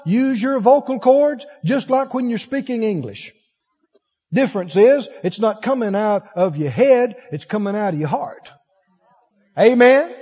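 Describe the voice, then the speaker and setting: High, lively-voiced preacher in echoey hall. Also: male voice, breathy edge. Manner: animated storytelling, acts out voices, laughs often. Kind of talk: sermon. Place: church. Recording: dull echoey church hall recording.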